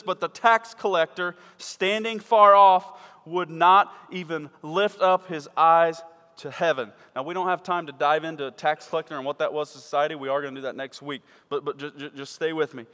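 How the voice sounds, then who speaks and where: A man preaching a sermon to his church, swinging from loud emphatic peaks to quiet low asides. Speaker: pastor. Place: church sanctuary. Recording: church hall with long reverb.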